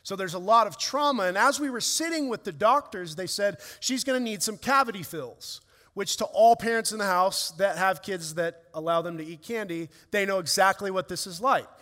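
A man's voice: high-pitched, normal speed, sharp tone. A man preaching a sermon as a pastor, telling a family story with earnest, rising emotion. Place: church hall. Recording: long reverb of a church hall.

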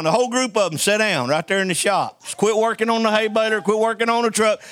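A man's voice: high voice, fairly bright tone. A man preaching a sermon, telling folksy stories and calling for amens from the congregation. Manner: call-and-response preaching, folksy storytelling.

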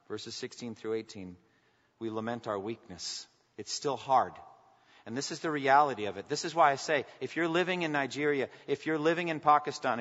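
A man's voice: fairly high pitch, a bit bright. A pastor preaching a sermon with passion, climbing to emphatic peaks as he reads scripture. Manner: impassioned, rising to emphatic peaks when reading scripture. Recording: dull sound with long hall reverb.

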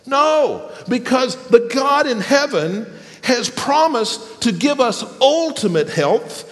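A man preaching a sermon as pastor, emphatic and animated, with pauses for effect. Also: extremely high pitch, big-room sound.

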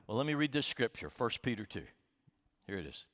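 A man's voice: mid-range voice, very animated, a little fast, a bit bright, in a large hall. A man preaching a sermon as pastor, earnest and emphatic, his delivery rising and falling.

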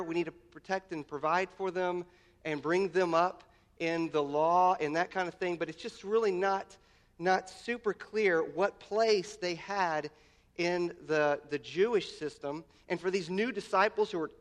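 A man with a high, light voice delivers a sermon. He leans on repetition and lifts his voice to stress key phrases, often restarting his words mid-thought. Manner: emphatic, repeats words, voice rises on key lines. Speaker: pastor.

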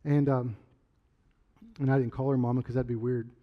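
A middle-aged man preaching a sermon in a loose, conversational way, rambling through stories and sometimes shouting. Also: mid-range voice, level tone, normal speed, highs cut off. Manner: conversational, rambling storyteller with sudden loud outbursts. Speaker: pastor.

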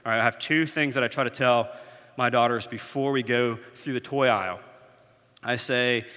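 A man in his thirties, a pastor preaching a sermon, telling stories with animated, self-mocking humor. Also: mid-range voice, normal speed, clean tone. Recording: echoey hall.

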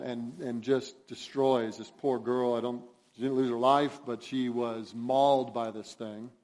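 A male pastor preaching a sermon, emphatic and urgent, acting out the voices he quotes. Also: mid-range voice. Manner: emphatic, rising to urgent exhortation; acts out quoted voices in his storytelling.

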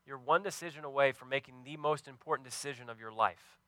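A preacher with a bright, crisp voice, earnestly telling a story to his congregation and often pausing over fillers. His delivery is sincere and plain, recorded dry and close. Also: medium pitch, no echo. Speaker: pastor. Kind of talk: sermon.

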